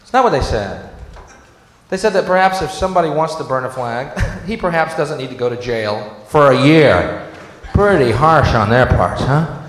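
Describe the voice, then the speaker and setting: A man doing stand-up comedy, sardonic, swinging from low mutters to shouted rants. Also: lively intonation, moderate pace. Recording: echoey hall with faint noise.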